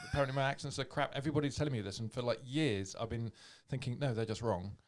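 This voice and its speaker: A man's voice: mid-range voice, fast talker. A man hosting a podcast, chatting casually and joking as he wraps up the show. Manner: jokey, wraps up with banter. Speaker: podcast host. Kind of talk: casual chat.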